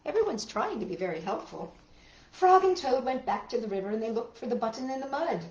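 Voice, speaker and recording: A woman reading picture books aloud for children in an animated, sing-song way, chatting to young listeners between stories. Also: on the high side, fairly quick, roomy sound, dull audio. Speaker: children's story reader.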